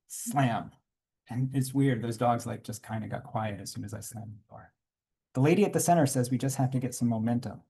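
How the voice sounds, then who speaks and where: Male comics artist reading his memoir to a panel audience, warm, a little breathy, unhurried asides. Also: medium pitch. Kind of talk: reading aloud from his own graphic memoir. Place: conference panel room.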